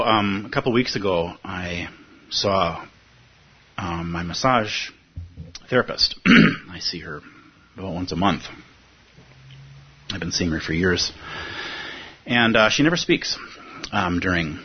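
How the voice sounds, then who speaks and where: A man giving a reflective dharma talk as a Buddhist teacher, earnest, with pauses and fillers. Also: sits low, animated, slightly rough. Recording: dull lo-fi recording with faint hiss.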